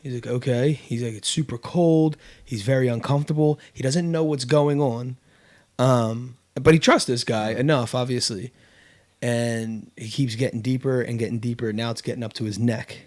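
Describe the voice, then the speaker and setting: Hosting a casual podcast conversation, an adult man with kids tells a story, often using fillers and starting over. He speaks at a normal speed with a medium pitch, fairly even intonation, and a darkish tone.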